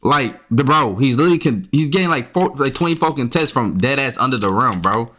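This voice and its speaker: A man's voice: medium pitch, expressive, a little fast, fairly bright tone. A young man, giving casual gameplay commentary, frustrated and trash-talking, with sudden yelps when annoyed. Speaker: gaming YouTuber. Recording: faint keyboard and mouse clicks.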